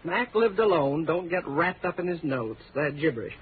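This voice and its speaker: A woman's voice: deep voice, expressive, slight background noise. An actress playing an impatient, commanding wealthy woman who hires a detective, in 1940s radio acting. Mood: brisk. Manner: brisk, bossy. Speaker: client of the detective. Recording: tinny old radio broadcast.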